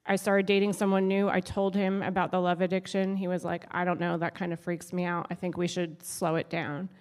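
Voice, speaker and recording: A woman's voice: on the low side, little pitch movement, fairly quick, clean tone, big-room sound. A young adult woman doing a stand-up set on stage, wry and self-deprecating with punchy delivery. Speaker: stand-up comedian. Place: stage of a live show.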